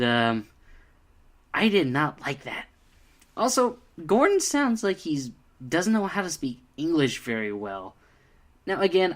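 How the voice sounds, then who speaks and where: A young man giving a casual, exasperated video review, full of fillers like "uh" and "like.". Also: on the high side. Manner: exasperated, animated, many fillers.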